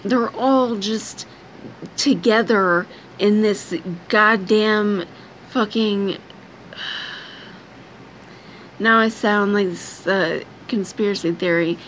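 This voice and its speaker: A woman's voice: medium pitch, a little hiss or hum. A young woman venting in a blunt, frustrated vlog rant, swearing heavily. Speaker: vlogger. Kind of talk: angry personal vlog rant.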